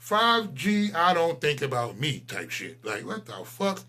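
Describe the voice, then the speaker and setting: Male host, forties, slightly raised voice, heated profane monologue with loud-to-low swings. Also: big pitch swings, unhurried. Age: 40s. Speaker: channel host. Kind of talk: ranting monologue to camera.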